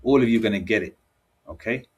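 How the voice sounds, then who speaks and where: A man's voice: on the low side, brisk. A man preaching angrily and reading scripture aloud. He talks in a combative way and keeps checking in with "all right?" and "okay?". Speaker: religious teacher.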